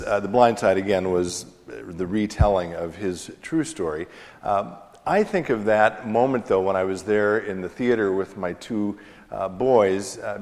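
Man, forties, pastor, conversational sermon, self-deprecating, low-pitched, echoing church hall. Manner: conversational storytelling with fillers, self-deprecating humor. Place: church sanctuary. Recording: long hall reverb in church.

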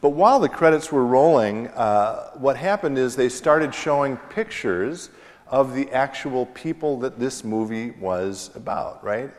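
A man in his forties preaching a sermon as pastor, telling a personal story in a relaxed conversational way with fillers and gentle self-deprecating humor. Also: mid-range voice, a little slow. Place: church sanctuary. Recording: long hall reverb in church.

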